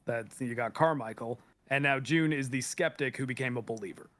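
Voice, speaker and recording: A man chatting about a horror movie, animated with quick asides. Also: mid-range voice, dry recording. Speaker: podcast guest. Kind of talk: casual movie discussion.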